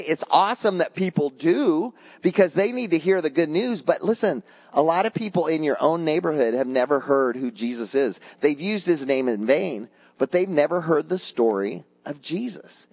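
Older male pastor, animated storyteller, bright lively voice that swings widely, chatty with the congregation. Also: a little high, normal speed, few pauses. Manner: conversational, addresses congregation as guys. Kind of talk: sermon.

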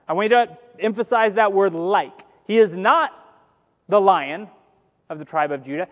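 A man preaches to his congregation in a loose, conversational way, slipping in jokes and acting out the lines he quotes. His voice sits very high for a man. The sound carries the long reverb of a church hall. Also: unhurried. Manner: conversational, joking asides, animated quoting. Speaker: pastor. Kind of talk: sermon.

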